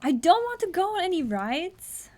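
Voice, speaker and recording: A young woman streaming herself playing a text adventure, reading the story text aloud quickly and breaking in with blunt, incredulous asides and the odd swear. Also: very high-pitched, very animated, darkish tone. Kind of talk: casual live-stream commentary, reading game text aloud.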